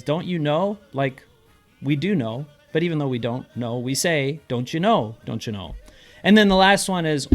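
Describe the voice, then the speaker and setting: A middle-aged man with a Minnesotan accent, a real estate agent explaining local phrases in a casual, playful way and acting them out in a sing-song voice. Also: medium pitch.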